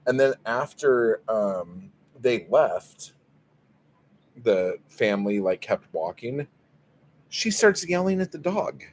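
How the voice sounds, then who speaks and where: A man's voice: mid-range voice, lively intonation, takes it slowly, a little hiss or hum. A man hosting a casual livestream, telling a story in a profane, exasperated way. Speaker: livestream host. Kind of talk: casual livestream chat, reading viewer comments.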